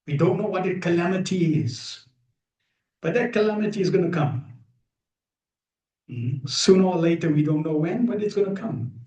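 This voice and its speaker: A man giving an emphatic devotional talk to a gathered group, pausing often and asking rhetorical questions, streamed live. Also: sits high, a little mellow. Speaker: spiritual teacher. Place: room with a gathered audience. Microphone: streamed live over video call. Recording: echoey room.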